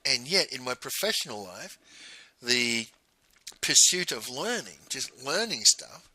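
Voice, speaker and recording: A man's voice: medium pitch, very animated, measured pace, sharp tone, husky, rough recording. A middle-aged man, a business coach giving a blunt recorded teaching monologue and ending his points with "right?".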